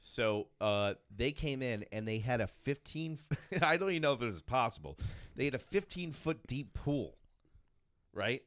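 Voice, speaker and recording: A man's voice: medium pitch, sing-song, moderate pace, fairly bright tone, dry recording. A man hosting a casual podcast chat, laughing often and telling loose, profane stories. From from an Irish family. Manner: laughs often, swears, tells loose anecdotes. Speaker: podcast host.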